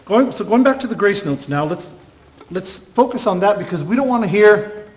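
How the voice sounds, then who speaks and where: A man's voice: sits high, animated, normal speed, over loud music. A man teaching violin, patiently explaining bowing and grace notes and scatting the rhythms. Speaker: violin instructor. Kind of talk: music lesson.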